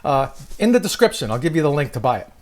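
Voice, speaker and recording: A man's voice: on the high side, big pitch swings, quick pace, a little mellow. A man hosting a casual cooking demonstration in a kitchen, joking and chatting to the viewer. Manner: jokey, chatty, talks to the viewer. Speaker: cooking show host. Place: home kitchen.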